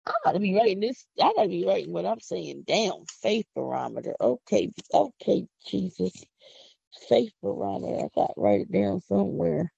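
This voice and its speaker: A middle-aged woman from Philadelphia with a Philadelphia accent, hosting a casual, preachy podcast monologue with excited whoops. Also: medium pitch, normal speed, vocal fry, husky, dry recording. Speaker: podcast host. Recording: dull lo-fi audio.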